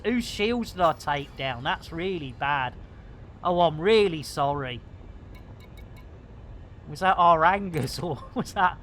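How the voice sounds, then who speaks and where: Lively, bright-voiced woman. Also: medium pitch. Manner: excitable, laughs often, self-deprecating exclamations. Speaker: streamer. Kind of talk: live gameplay commentary.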